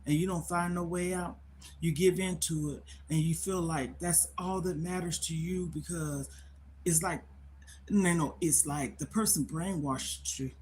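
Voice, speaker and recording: A woman's voice: lowish voice, steady tone, measured pace, darkish tone. Older woman host, casual emphatic storytelling on a phone, faint background hiss. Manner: emphatic, repetitive, conversational. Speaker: livestream host.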